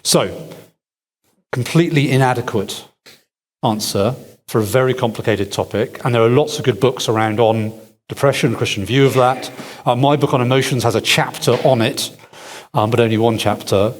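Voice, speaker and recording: A man's voice: medium pitch, normal speed. Man thinking aloud in an echoey hall. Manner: thinks aloud, with restarts and self-deprecating asides. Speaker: speaker answering questions. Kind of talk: conference Q&A answers. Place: large hall with audience.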